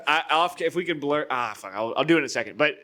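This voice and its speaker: A man co-hosting a podcast, trading loud, profane banter and laughing often. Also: a little high, expressive, quick pace, a crowd in the background. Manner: laughs a lot, swears freely. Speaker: podcast co-host. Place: indoors in a warm room.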